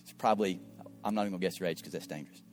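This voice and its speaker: A middle-aged male pastor tells a story in an earnest sermon voice. He repeats words as he searches for them and sometimes drops to quiet asides. Soft guitar plays faintly behind him. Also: deep voice, very fast. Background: faint guitar music.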